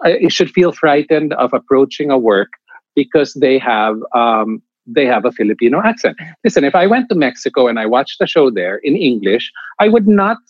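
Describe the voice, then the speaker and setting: A man's voice: medium pitch, normal speed, no room sound. A man who directs and mentors stage actors, giving emphatic interview answers with frequent restarts. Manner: emphatic, animated, many restarts. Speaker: theatre director and acting mentor. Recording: dry, dull lo-fi sound.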